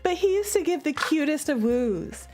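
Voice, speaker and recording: Bubbly high-voiced woman streamer. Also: lively intonation, normal speed, darkish tone, faint music behind. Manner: playful and giggly, chatting with and coaxing her pets. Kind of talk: casual chat while streaming. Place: room at home.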